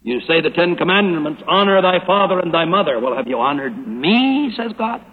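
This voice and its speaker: An older man preaching a sermon, emphatic and slowing down to stress the scripture he quotes. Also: fairly high pitch, lively intonation, husky, phone-quality sound. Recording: hollow old radio broadcast with hall echo.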